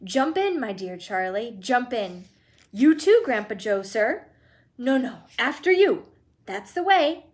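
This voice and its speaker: A woman's voice: on the high side, big pitch swings. A woman reading aloud and voicing an exuberant, eccentric male candy-maker who gushes with theatrical enthusiasm. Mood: delighted. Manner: gushing, theatrical, fast-shifting enthusiasm.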